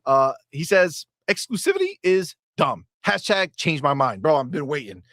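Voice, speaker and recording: A man hosting a live gaming stream in a casual, animated and profane way, with mocking asides. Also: fairly high pitch, moderate pace, background noise. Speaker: livestream host. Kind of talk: casual livestream talk.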